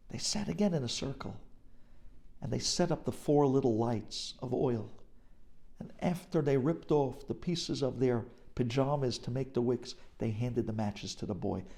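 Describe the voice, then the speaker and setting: A man's voice: medium pitch, vocal fry, warm tone. A man, a rabbi, telling an inspirational story in a dramatic sermon.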